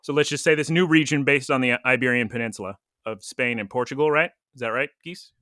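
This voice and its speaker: A man's voice: mid-range voice, fast, pushed and bright, no echo, studio quality. A man co-hosting a podcast, chatting casually and rambling, laughing now and then. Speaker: podcast co-host.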